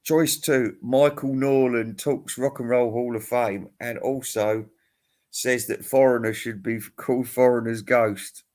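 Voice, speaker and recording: A man's voice: mid-range voice, steady tone, unhurried, a little mellow. A middle-aged man in a casual, rambling monologue. He sounds tired, swears freely, rants and chuckles as he goes. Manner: profane, ranting, chuckling. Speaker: music vlogger.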